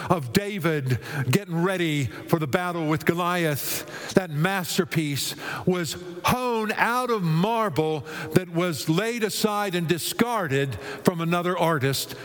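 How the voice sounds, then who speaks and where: A man preaching a sermon with dramatic delivery, swinging between high exclaiming and low hushed tones. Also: long reverb tail.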